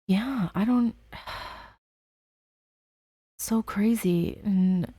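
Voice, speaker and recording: A woman's voice: mid-range voice, extremely slow, warm tone, husky, dry recording. A young woman hosting a gaming video, chatting casually and emotionally about the story as she plays. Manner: rambling and emotional, many fillers and sighs. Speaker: gaming channel host. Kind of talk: casual game commentary.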